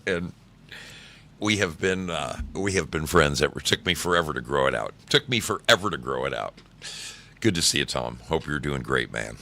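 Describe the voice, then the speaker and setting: A man's voice: very deep voice, expressive, moderate pace, bright, forceful tone. A middle-aged man hosting a live stream, greeting chat by name and telling laid-back, swearing work stories.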